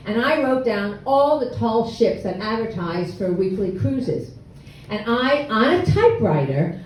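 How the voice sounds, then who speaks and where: Animated older woman telling a funny story. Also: medium pitch, a little hiss or hum. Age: 60s. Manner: humorous, animated, self-deprecating. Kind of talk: live storytelling performance. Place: hall with an audience. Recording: echoey room, mic from far off.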